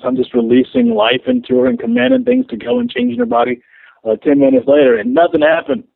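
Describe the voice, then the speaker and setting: A man, a guest minister, telling a story over the phone in an animated way, repeating his words and laughing as he goes. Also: very high voice, fast talker, creaky, no room sound. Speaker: podcast guest, street minister. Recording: tinny phone line.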